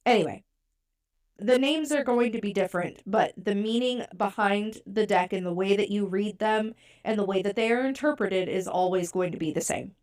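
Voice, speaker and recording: A woman's voice: mid-range voice, moderate pace, a little mellow. A woman hosting a podcast, talking casually and chattily with a stuffy, congested nose. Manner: chatty, conversational, many fillers. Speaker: podcast host. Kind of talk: casual podcast talk about tarot.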